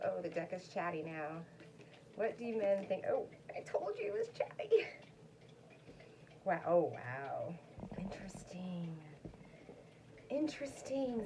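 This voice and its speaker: A woman's voice: lowish voice, a little mellow, a little hiss or hum, rough recording. A woman doing a casual, rambling tarot card reading, chatting to her viewers. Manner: chatty, rambling, talks to her dog between cards. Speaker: tarot reader.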